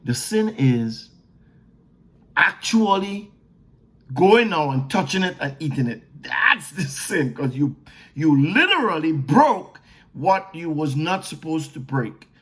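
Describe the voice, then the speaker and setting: A slow, deliberate preacher delivering a sermon teaching, voice swooping widely up and down. Words get repeated for emphasis, and each question is put out and then answered. The delivery is emphatic and insistent throughout. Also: mid-range voice, animated, a bit bright, slightly rough.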